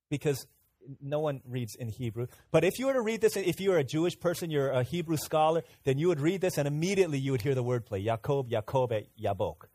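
A man's voice: on the high side, no echo. A man preaching a sermon as pastor, earnest and interactive, having the congregation repeat words back to him. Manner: earnest, swings from emphatic to quiet asides.

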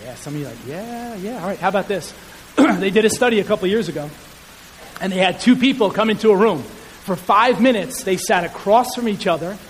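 A high-voiced male pastor preaches to his congregation in an animated, chatty way and pokes fun at himself. His voice rings with a long hall reverb and a faint hiss sits under it. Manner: animated, conversational, self-deprecating humor. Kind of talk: sermon. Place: church sanctuary.

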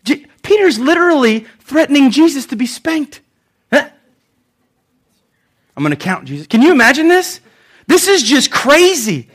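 A man preaching a sermon with a high-pitched voice for a man. He is animated and quick to joke, and he slips into acting out the lines he quotes. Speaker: pastor.

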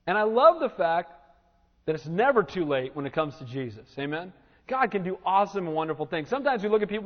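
A man preaching a sermon as pastor, animated and dramatic as he acts out Bible scenes in a church. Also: fairly high pitch, a little fast. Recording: reverberant church hall, dull lo-fi sound.

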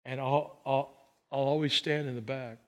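A male pastor telling stories in a sermon, humorous and animated, with chuckling asides. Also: medium pitch, normal speed, lo-fi sound. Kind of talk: storytelling sermon.

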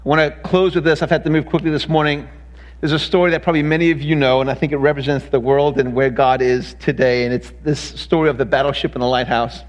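A man's voice: on the high side, steady tone, fast, big-room sound. A male pastor preaching a sermon, emphatic, with repeated words as he speeds up.

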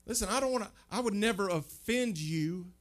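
A man's voice: high-pitched, animated, fairly quick. A male pastor preaching a sermon in a conversational way, asking the listeners questions and often stumbling over and repeating his words.

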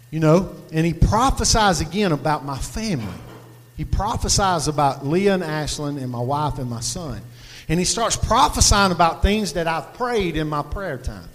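A man delivers a sermon in a folksy, conversational storytelling manner. His voice sits a little high for a man, and it rings out with long reverb as if he were preaching in a large hall. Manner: folksy, conversational, Southern turns of phrase.

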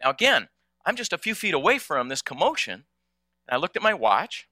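A man's voice: a little high, very animated, brisk, sharp tone, dry recording. A man telling a personal story in a conversational way to an audience, often repeating small words as he goes. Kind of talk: storytelling talk.

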